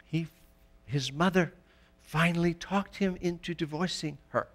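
A male pastor preaching a sermon in church, emphatic, rising to loud peaks. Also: a little high, a little slow.

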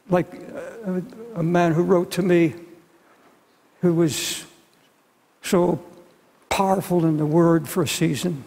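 A man in his seventies delivers a sermon with an earnest, pleading tone, often repeating words as he presses a point. His voice sits high for a man. The sound carries a long reverb from a large hall. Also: fairly even intonation, unhurried, gravelly, darkish tone. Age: 70s. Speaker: pastor.

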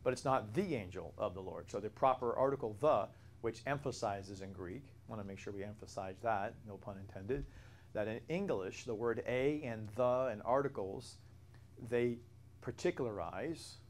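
A man's voice: fairly low pitch, moderate pace. A man leading a Bible study class, explaining in an earnest way with frequent restarts and self-corrections.

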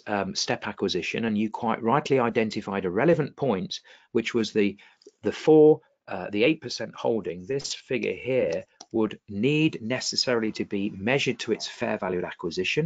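A man's voice: lowish voice, highs cut off. A man teaching an online exam revision webinar, often checking with the class whether things make sense. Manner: animated, questioning the class often. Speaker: exam tutor.

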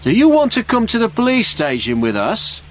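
A man voicing a brisk, stern police constable. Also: high voice, huge pitch swings, voice pushed up.

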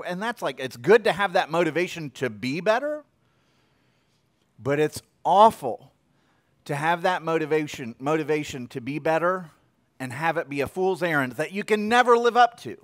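A young adult man preaching a sermon in a conversational way, repeating phrases and swinging between loud and hushed. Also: fairly high pitch, sing-song, moderate pace, no echo, clean studio sound. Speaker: pastor.

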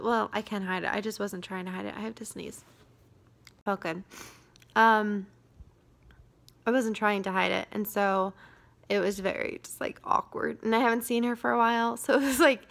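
Young woman, gravelly creak, mid pitch, quiet, hesitant, worn out, confessional vlog. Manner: quiet, hesitant, many fillers, slips into whispers. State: drained and tired. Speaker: vlogger.

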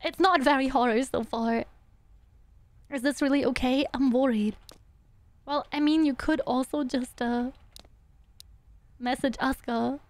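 A woman's voice: sits high, steady tone, measured pace, pauses often, no echo. A young woman streamer giving playful, bubbly live gameplay commentary and humming little sound effects. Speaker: VTuber streamer.

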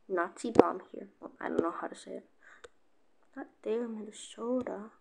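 Excitable woman narrating a strategy game. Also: on the high side. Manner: excitable, keeps cutting herself off with "wait". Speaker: gaming video creator. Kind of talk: casual gameplay commentary.

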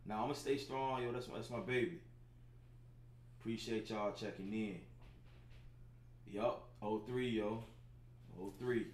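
A man's voice: on the low side, fairly even intonation, a little slow, pauses often. A man in his thirties hosting a casual livestream from home, talking loosely to his viewers with lots of filler phrases. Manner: laid-back, talks straight to chat viewers, lots of filler phrases. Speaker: livestream show host. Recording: roomy sound with faint background noise.

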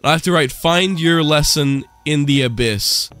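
Casting: jumpy young male gaming YouTuber, slightly high voice, easily spooked, profane. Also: unhurried, faint music behind. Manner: jumpy, excitable, swears a lot. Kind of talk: gameplay commentary.

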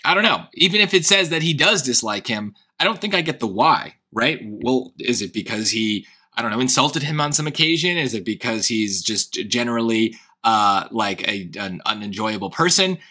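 Man, Long Island accent, tutor, thinking aloud, hesitant, bright tone. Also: mid-range voice, expressive, normal speed, few pauses. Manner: hesitant, self-questioning, many restarts. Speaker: SAT tutor. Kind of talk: thinking-aloud test prep lesson.

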